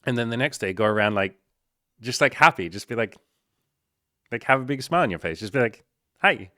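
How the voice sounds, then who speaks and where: A man's voice: mid-range voice, expressive, a little fast, sharp tone, no echo, studio quality. A man, talking casually as a dating coach, blunt and swearing often as he acts out little dialogues. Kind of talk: casual motivational talk.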